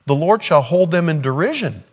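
A pastor delivers a sermon in a conversational, sarcastic style, acting out quotes as he goes. His voice is a little high and darkish in tone, with lively intonation at a normal speed.

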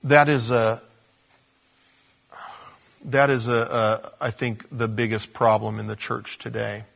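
Husky man preaching a sermon. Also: medium pitch, takes it slowly. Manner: conversational preaching, animated bursts. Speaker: pastor.

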